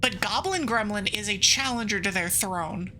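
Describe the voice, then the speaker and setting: A woman streams a game as a VTuber, reading its text aloud and chatting in a rambling, playful way full of quick asides and giggles. Her mid-range voice has a sharp tone, and the rough recording carries a little hiss or hum.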